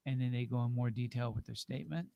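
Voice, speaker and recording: A man leads an informal class in a middle-pitched voice. He coaches with patience and encouragement. His talk is unhurried and plain. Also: fairly even intonation, gravelly, warm tone, highs cut off. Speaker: teacher.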